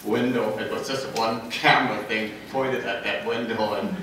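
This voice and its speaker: A man's voice: fairly low pitch, fairly even intonation, normal speed. An older man telling stories as a guest on a convention panel, chuckling and restarting his sentences often. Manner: rambling, chuckling, with many restarts. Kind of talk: panel Q&A storytelling. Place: large convention hall. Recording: echoey convention hall, noisy, from far off.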